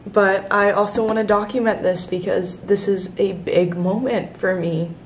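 A woman's voice: mid-range voice, steady tone, a little slow, slight background noise. A 21-year-old woman speaking candidly in a confessional vlog, emotional and close to tears, filmed outdoors and then indoors on a camera set down nearby. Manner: emotional, candid, tearful at times. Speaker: vlogger.

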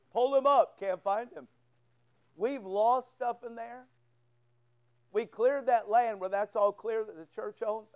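A man's voice: high voice, darkish tone. A male pastor preaching a sermon in church, telling a folksy story and acting out both sides of a conversation. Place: church sanctuary.

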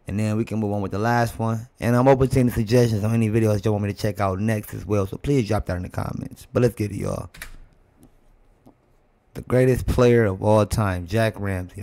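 Low-voiced laid-back reaction host. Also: male voice, steady tone, a little fast, dark tone. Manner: laid-back, chatty, addressing viewers. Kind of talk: casual reaction commentary.

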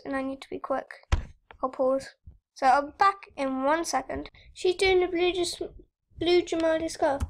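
A teenage girl chatting excitedly while she plays an online game and thanks her subscribers. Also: sits high, gravelly, background noise. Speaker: YouTuber. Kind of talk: casual gaming vlog commentary.

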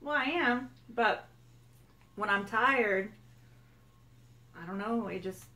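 A woman from Tennessee with a Southern accent, chatting casually and softly, often trailing off. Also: medium pitch, takes it slowly. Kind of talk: casual chat.

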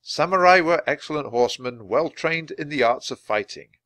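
Brief: clear male audiobook reader, animated delivery, dry close recording. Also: fairly high pitch, moderate pace, no room sound. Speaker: storybook reader. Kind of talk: audiobook narration for language learners.

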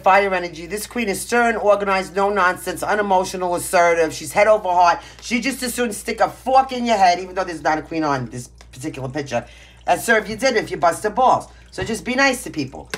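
Brisk and fairly low-pitched, her voice has lively intonation. The speaker, a tarot reader from Brooklyn with a Brooklyn accent, gives a casual, emphatic, blunt and brash reading at home while her pets are around.

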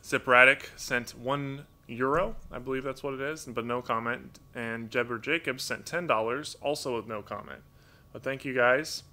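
A man hosting a live stream from home, reading out donations in a rambling, halting way, full of fillers and restarts, grateful and thinking aloud. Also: medium pitch, bright, forceful tone. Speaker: livestream host reading donations. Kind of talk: casual live-stream chat. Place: home with pet toucans.

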